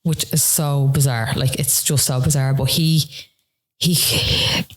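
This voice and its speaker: An Irish woman telling her own story as a podcast interview guest, emotional and halting, with many "like" and "you know" fillers. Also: a bass voice, fairly even intonation.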